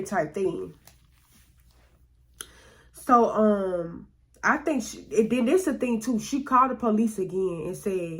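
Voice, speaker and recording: A woman's voice: medium pitch, lively intonation, unhurried, pauses often. A woman vlogger telling a story in a rambling, profane, filler-heavy way. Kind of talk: casual storytelling.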